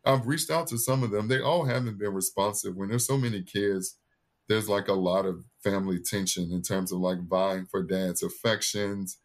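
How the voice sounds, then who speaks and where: Male podcast guest, thirties, low voice, earnest storyteller who acts out the people he quotes. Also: moderate pace. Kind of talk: personal storytelling in an interview.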